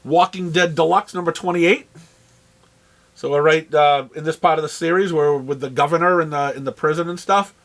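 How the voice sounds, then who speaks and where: A man with a New England accent and a high voice talks casually through a shop's new arrivals. He rambles, trails off and restarts his phrases, with plenty of ums along the way. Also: a little fast, a bit bright. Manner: rambling, with frequent fillers and restarts. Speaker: comic shop host. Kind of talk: casual product rundown.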